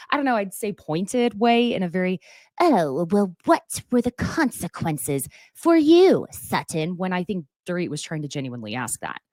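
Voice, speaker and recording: A woman in a casual, opinionated recap, talking in a chatty way with quick asides. Her voice sits a bit low but rises and falls a lot. The sound is dry, with no room echo. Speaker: recap host.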